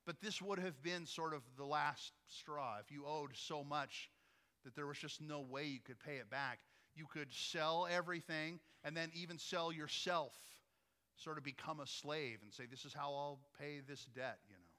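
A man delivers a sermon as pastor in a relaxed, conversational way and keeps asking the congregation whether they follow him. His voice sits a little high and rings bright and sharp. A long reverb trails after his words, as in a large hall. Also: normal speed. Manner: conversational, asks listeners frequent questions.

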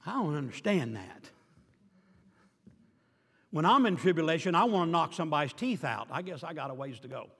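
An older man preaching a sermon as pastor, swinging between emphatic declarations and quiet asides with dry humor. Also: on the high side, expressive, moderate pace, pauses often, breathy edge. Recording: reverberant hall.

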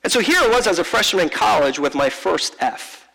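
Pastor guy preaching, kinda high gravelly voice, halting and heartfelt, big church echo. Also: very animated, pushed and bright. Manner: heartfelt, halting, repeats words, slows for emphasis. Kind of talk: sermon storytelling. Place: large church.

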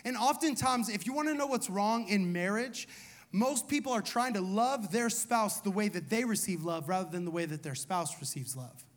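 Man, thirties, pastor preaching, high voice, casual filler-heavy delivery, repeated rhetorical questions. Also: moderate pace. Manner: conversational, fillers like "like" and "you know", punchy repeated questions. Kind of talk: sermon. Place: church hall.

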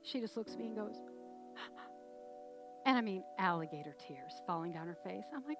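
A middle-aged woman preaching a sermon, telling a family story in a lively, conversational way with quick laughs. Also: medium pitch, music in the background. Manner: animated, conversational storyteller who laughs while talking.

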